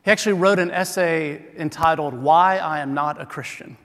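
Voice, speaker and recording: A middle-aged man delivers a sermon from a church pulpit, his voice sitting a little higher than most men's. He talks in a relaxed, conversational way with bits of self-deprecating humor, and a long reverb trails his words through the sanctuary. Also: moderate pace. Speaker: pastor.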